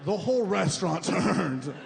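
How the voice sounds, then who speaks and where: A young man with a high, bright voice works through a stand-up set. He is animated and crude and keeps hitting his punchlines hard. The room carries a long, reverberant tail with faint ambience behind him. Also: moderate pace, creaky, slight background noise. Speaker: stand-up comedian. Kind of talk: stand-up routine. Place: comedy club stage.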